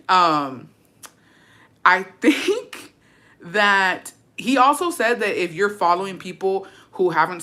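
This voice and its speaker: A woman's voice: on the low side, bright, forceful tone. Chatty, profane young woman vlogger. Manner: chatty, profane, slangy, mixing in Spanish words. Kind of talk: casual chat to camera.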